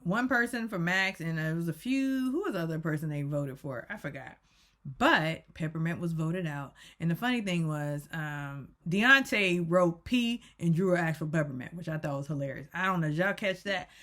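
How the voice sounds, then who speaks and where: Woman reviewer with a slightly low voice, casual, rambling, self-correcting recap. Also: moderate pace, a bit bright. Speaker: YouTube reviewer.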